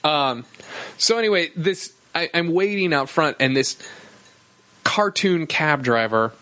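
High, bright-voiced man telling a rant story. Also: unhurried. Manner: animated storyteller, swears a lot, shouts when acting out arguments. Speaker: podcast co-host. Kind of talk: casual comedy podcast chat.

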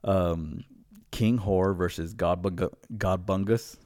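A man's voice: deep voice, steady tone, a little slow, darkish tone. A man hosting a podcast in casual chat, rambling and profane, breaking into laughter often. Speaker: podcast host.

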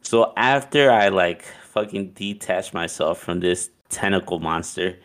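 A man's voice: sits low, measured pace, fairly bright tone. A young man casually telling a story, loose and profane, with "like" in nearly every line. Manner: loose and profane, heavy use of "like".

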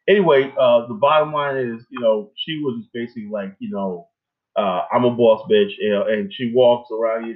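A man hosting a casual talk show, ranting in a rambling, emphatic way with lots of filler tags and plenty of swearing. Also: fairly low pitch. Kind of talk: casual profane rant. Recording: tinny phone line.

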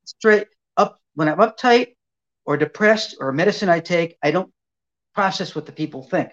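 A man's voice: sits high, moderate pace. An older man, a ventriloquist guest, telling a long anecdote in an interview and acting out the people in it. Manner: animated anecdote teller, acting out quoted voices. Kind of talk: storytelling interview chat. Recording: dull lo-fi audio.

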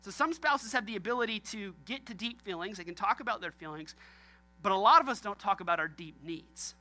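A man's voice: high voice, animated, fairly quick, pushed and bright. A man preaching a sermon as pastor, joking and talking straight to his congregation.

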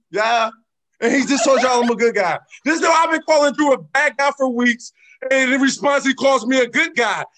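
A man's voice: very high-pitched, moderate pace, fairly bright tone. A young man hosting a casual podcast, talking animatedly with theatrical protests and indignation. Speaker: podcast host.

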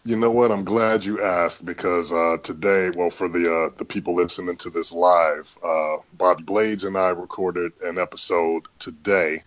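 A man's voice: low voice, fairly even intonation, moderate pace, hardly any pauses, no echo. A man co-hosting a casual podcast, laid-back and full of fillers, repeating himself. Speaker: podcast co-host. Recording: dry, dull lo-fi mic.

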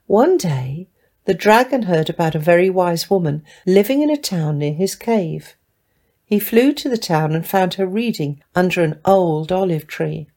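A woman reading a children's fantasy story aloud in a gentle, clear storybook narration. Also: lowish voice, animated, moderate pace. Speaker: story reader.

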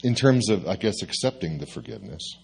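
Male pastor, husky, low-pitched, animated sermon storyteller, self-mocking. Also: brisk. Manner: lively, confessional storytelling with self-mocking asides.

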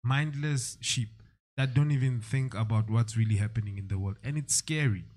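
A man's voice: on the low side, brisk, dark tone. A man in a podcast discussion, speaking emphatically and in a preachy way. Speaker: podcast co-host.

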